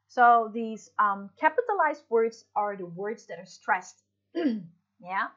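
A woman's voice: a little high, animated, takes it slowly, a bit bright, muffled recording. A woman teaching English in a recorded online lesson, explaining patiently with fillers and restarts.

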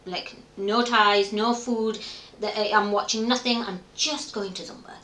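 Her pitch is medium and her intonation fairly even, delivered a little slowly with a bright, forceful tone. The middle-aged woman is an interview guest in a candid conversation, recounting her life openly and reflectively while quoting her earlier inner thoughts, all in an echoey room.

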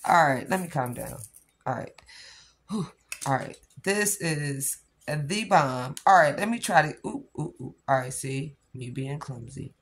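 A woman vlogging about nails, excitable and rambling, with sudden shouts before calming herself down. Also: low voice, measured pace, slightly rough. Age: adult with a child. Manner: excitable, rambling, bursts into shouts then calms down. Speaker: nail vlogger. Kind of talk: excited casual vlog.

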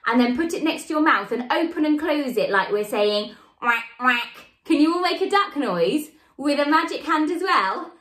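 A woman leading a children's sign language lesson, in an animated, sing-song, encouraging way. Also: sits high, moderate pace, roomy sound. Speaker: baby sign language teacher.

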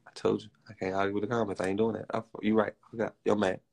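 A young man, ranting fast and profanely in casual slang on a livestream. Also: on the low side, level tone, creaky, breathy edge. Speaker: live streamer.

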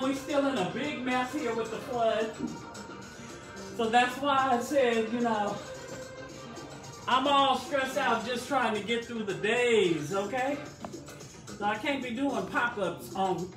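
Woman home cook, chatty and encouraging, voice on the higher side. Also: a little slow, reverberant, music in the background. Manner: chatty, exclamatory, coaxing the viewers. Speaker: home cook hosting a cooking stream. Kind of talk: casual live cooking demonstration.

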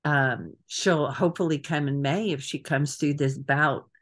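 Chatty, hesitant trip organizer on a video call, mid-pitched, casual briefing. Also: fairly even intonation, measured pace, fairly bright tone. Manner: chatty, hesitant with frequent fillers.

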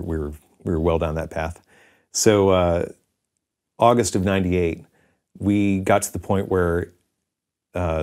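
A middle-aged man, founder of a company, candidly and self-deprecatingly telling his story with halting restarts in an interview. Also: low-pitched, a little mellow.

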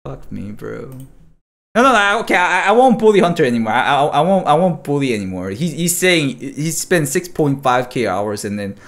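A man streaming live, commenting casually on gameplay clips, animated and profane, laughing often. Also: fairly high pitch, normal speed. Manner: animated, swearing, frequent laughter. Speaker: streamer investigating cheaters.

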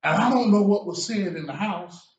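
A man preaching a sermon as a guest preacher, with lively delivery that rises to shouts and drops low for emphasis. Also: moderate pace. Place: church sanctuary. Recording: echoey church room from far off.

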